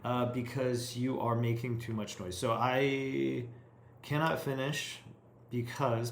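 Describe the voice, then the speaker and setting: An English-speaking man practicing French, reading a story aloud slowly, stopping to translate and think through each line in English. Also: medium pitch, fairly even intonation, vocal fry, roomy sound, a little hiss or hum. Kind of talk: self-recorded reading practice.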